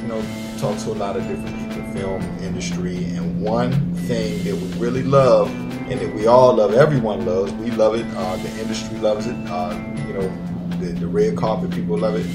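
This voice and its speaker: A man hosting an internet radio talk show, chatting with a guest in a rambling way full of restarts and fillers. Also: fairly low pitch. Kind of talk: casual interview.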